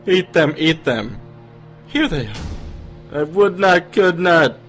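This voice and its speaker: A man putting on a lowered, deadpan impression of a well-known actor reading a rhyme. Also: takes it slowly, faint music behind. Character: laid-back deep-voiced man doing an actor impression.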